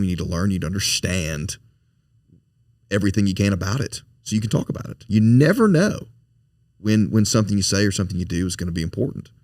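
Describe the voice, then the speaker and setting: Low-voiced male interview guest: earnest storyteller, repeats words, dry close sound. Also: vocal fry, no room sound. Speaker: foundation president, podcast guest.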